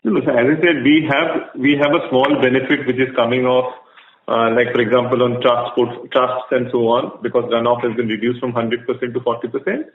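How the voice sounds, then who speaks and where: A male finance executive explaining figures in a measured way on an earnings call. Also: mid-range voice, fairly even intonation. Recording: echoey room over a phone line.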